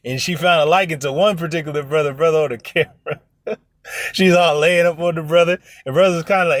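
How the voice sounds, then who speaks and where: A man's voice: a little high, a little fast, fairly bright tone, dry recording, clean studio sound. A man preaching informally to an online audience, blunt and profane, who acts out other people's voices in his stories. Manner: blunt, profane, emphatic exhortation. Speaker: religious teacher.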